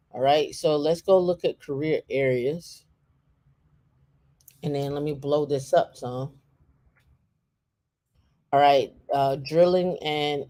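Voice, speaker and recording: A co-host in casual talk while browsing on a shared screen, halting and thinking aloud with many fillers and restarts. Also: mid-range voice, warm tone.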